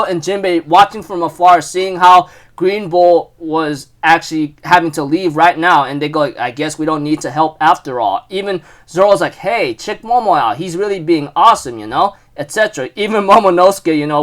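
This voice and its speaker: Excitable high-voiced young man rambling. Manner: rambling, many fillers and restarts, excitable. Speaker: manga chapter reviewer. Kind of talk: casual chapter recap.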